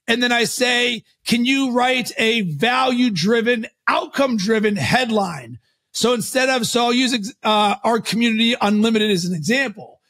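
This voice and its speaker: High gravelly-voiced man explaining with gusto. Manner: fast animated delivery with bursts of loud emphasis. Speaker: podcast guest, coach and founder. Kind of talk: energetic conversational explaining.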